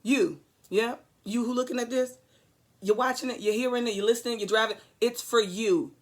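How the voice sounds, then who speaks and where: A woman's voice: a little high, steady tone, moderate pace. A woman giving an earnest, preachy motivational talk to camera, hammering points home with repetition and drifting into rambling asides. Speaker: vlogger.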